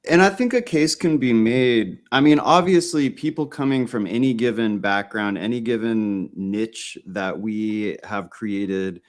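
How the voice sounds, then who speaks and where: Thoughtful low-voiced man. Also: unhurried, hardly any pauses. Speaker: podcast guest. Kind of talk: casual political discussion.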